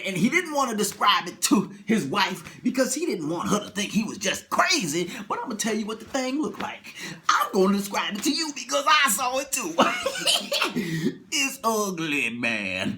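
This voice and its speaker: A man retelling a story in an animated, colloquial way, often breaking into laughter. His voice is high and bright, with a very lively, swooping pitch. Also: measured pace.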